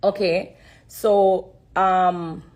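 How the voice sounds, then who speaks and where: A woman's voice: fairly low pitch, flat delivery, very slow, darkish tone. A woman giving an earnest, emotional live-stream testimony, repeating herself and holding back tears. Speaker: livestream host.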